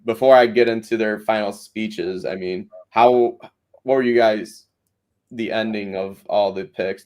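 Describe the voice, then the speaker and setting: A podcast host with a lowish, slightly mellow voice recaps a reality show. His chat is casual and rambling, packed with fillers and restarts.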